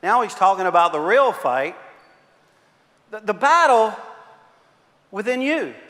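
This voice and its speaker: A middle-aged man preaching a sermon as pastor, telling animated stories with frequent uh fillers and repeats. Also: high voice, measured pace. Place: church sanctuary. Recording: long reverb of a large church hall.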